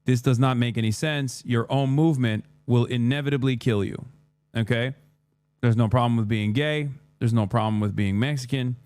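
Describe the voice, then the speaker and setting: A male streamer reacts live in a sarcastic, mocking manner at a mid pitch. His voice sits close and dry on the microphone, with no room sound. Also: moderate pace, a little mellow, clean tone, no room sound. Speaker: streamer host. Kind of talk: livestream reaction commentary.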